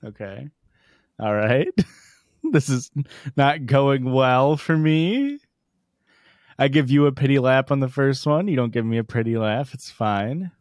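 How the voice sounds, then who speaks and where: A man's voice: medium pitch, expressive, a little slow, no echo, studio quality. A man co-hosting a podcast, trading jokes and laughing often in casual banter. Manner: joking, riffing, laughs often. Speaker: podcast co-host.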